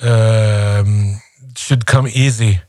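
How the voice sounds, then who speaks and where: A man's voice: fairly low pitch, steady tone, drawn-out words, warm tone, no room sound, clean studio sound. Teasing man hosting a comedy chat. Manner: teasing, hesitant with many fillers. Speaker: podcast co-host.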